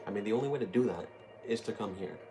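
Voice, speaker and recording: A man's voice: on the low side, lively intonation, fast talker, mellow. A young man giving casual, rambling, joking commentary while playing a video game. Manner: jokey, rambling, thinking aloud. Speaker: gaming streamer. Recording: noisy game capture behind.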